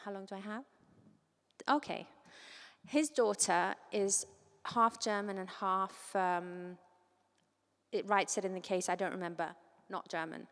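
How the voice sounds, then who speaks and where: A woman from Cyprus giving an academic conference talk, lively and informal, with quick asides and quoted voices. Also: mid-range voice. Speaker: conference speaker. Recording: long reverb of a large hall.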